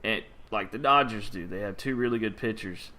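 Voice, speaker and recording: Man, sports talk co-host, casual chat, laughs often, bright tone. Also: on the low side, brisk. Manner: laughs often, steers topics along.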